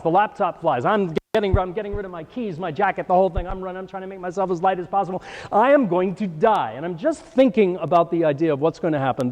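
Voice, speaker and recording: Brief: New York priest-teacher, lively storyteller with high bursts, slightly high voice, hall echo. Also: male voice. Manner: animated storyteller, acts out scenes with sudden high-pitched bursts. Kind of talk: storytelling lecture. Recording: hall reverb.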